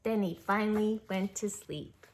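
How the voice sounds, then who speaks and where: A woman reading a children's picture book aloud, gently and expressively. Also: medium pitch, steady tone, a little slow.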